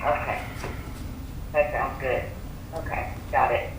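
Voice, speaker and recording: A woman's voice: rumbling low, fairly even intonation. Woman caller, hesitant, far away on a phone line, heavy echo, faint hiss. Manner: hesitant, halting. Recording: distant echoey phone line with faint noise.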